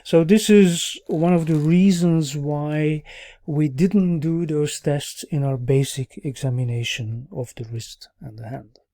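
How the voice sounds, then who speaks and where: A man teaching a recorded clinical course, explaining at an even pace with many "uh" pauses and checking "yeah?" tags. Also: on the high side. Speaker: orthopaedic medicine instructor.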